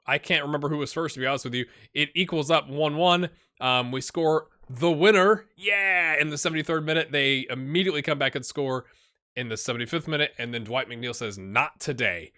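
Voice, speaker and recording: Chatty guy narrating his football manager save, bright voice, rambles a lot. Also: on the high side. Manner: chatty, rambling, addresses viewers as "my friends". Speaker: gaming YouTuber. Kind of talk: casual let's-play commentary.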